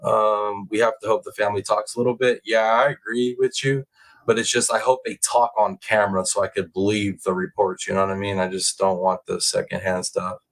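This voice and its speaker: A relaxed man with a lowish voice hosts a casual livestream from home. He chats easily with his viewers, drawls out his words and reads their comments aloud. His voice leaps higher whenever a viewer excites him. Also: a little fast, rough recording. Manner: laid-back, chatty, drawling out words; rises high when excited by a viewer. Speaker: livestream host reading chat.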